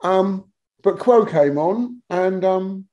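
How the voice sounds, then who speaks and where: A man in his sixties, a guest musician telling rambling, animated stories with lots of restarts and casual swearing. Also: high voice, takes it slowly, highs cut off. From England. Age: 60s. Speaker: guest musician, bass player. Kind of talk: casual anecdotal interview talk.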